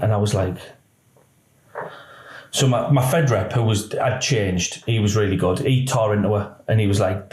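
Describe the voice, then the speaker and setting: A man, a retired police officer telling a personal story in halting speech that often quotes others. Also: lowish voice, a little mellow. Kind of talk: emotional personal account. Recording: roomy echo.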